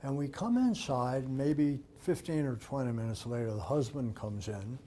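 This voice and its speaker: A man's voice: medium pitch, moderate pace, mellow, slight background noise. An older man, a dog behavior expert, giving an author talk and telling anecdotes while acting out the dialogue. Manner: anecdotal, acts out quoted dialogue. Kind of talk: storytelling talk.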